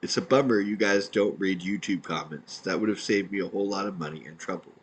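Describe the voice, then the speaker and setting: A man's voice: sits low, a little fast, husky, rough recording. A man, an independent podcaster, reading out his own messages in a dry, matter-of-fact way.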